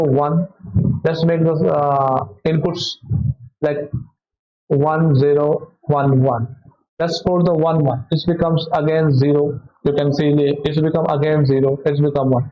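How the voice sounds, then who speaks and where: Halting Indian English physics teacher. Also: male voice, a little high. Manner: halting, self-correcting explanation with many "okay"s. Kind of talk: test solution walkthrough. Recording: dull lo-fi audio.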